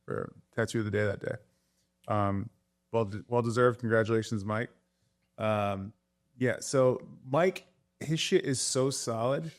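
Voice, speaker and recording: A man's voice: fairly low pitch, measured pace. Male tattoo artist guest, easygoing and profane, full of stories and laughter. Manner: animated storyteller, swears, laughs often. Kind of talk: casual chat.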